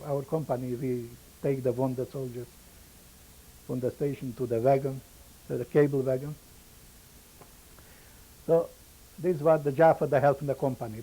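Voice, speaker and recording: An older man whose first language is Yiddish, giving oral history testimony in halting English and pausing to search for words. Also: a little high, dark tone, slightly rough, poor audio. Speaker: interviewee, survivor.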